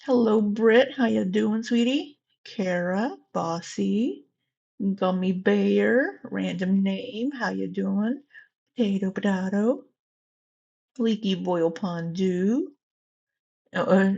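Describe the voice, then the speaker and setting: Missouri-accented woman with a gravelly voice. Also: mid-range voice, lively intonation, slow pace, darkish tone, dull audio. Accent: Southwest Missouri. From Southwest Missouri. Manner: greets chat viewers by name, chatty and candid. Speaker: livestream host. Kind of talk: casual livestream chat.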